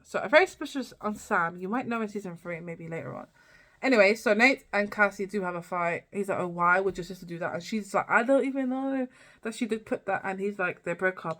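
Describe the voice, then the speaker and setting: A woman's voice: lowish voice, fairly bright tone. Chatty young woman recapping a show. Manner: rambling, chatty, many fillers and restarts. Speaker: TV review vlogger. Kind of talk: casual recap chat.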